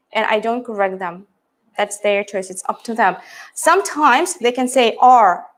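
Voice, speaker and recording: A woman's voice: a little high, expressive, a little slow, fairly bright tone. A middle-aged woman, an English teacher, explaining how she teaches pronunciation and often checking in with "yeah?" and "right?".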